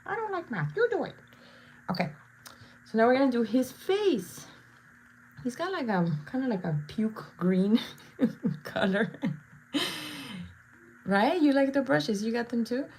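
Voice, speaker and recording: A woman's voice: a little high, expressive, unhurried, pauses often, darkish tone. Brief: bubbly woman face painter, thirties, chatty live-stream host, faint hiss behind. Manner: bubbly, chatty, playful asides. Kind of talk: casual live-stream chat while painting.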